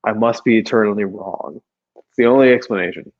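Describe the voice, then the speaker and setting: A man co-hosting a casual podcast, telling a story with lively mimicry. He is drunk. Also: fairly low pitch, brisk, no room sound, muffled recording. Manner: animated storytelling, mimics people. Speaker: podcast co-host. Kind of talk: casual chat.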